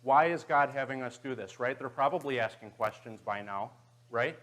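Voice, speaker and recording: A man's voice: mid-range voice, normal speed, fairly bright tone. A man leading a Bible class in a church auditorium, guiding volunteers and checking in often with "okay" and "right.".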